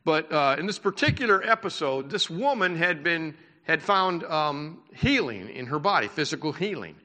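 Male pastor, conversational sermon, bright forceful tone, higher-pitched, church hall reverb. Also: sing-song, moderate pace. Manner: conversational preaching with asides and laughter.

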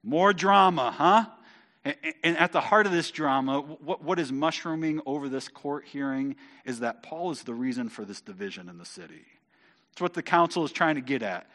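A man reading scripture aloud and explaining it in a lively, conversational way, often stammering and repeating words as he goes. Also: mid-range voice, normal speed. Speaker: Bible teacher.

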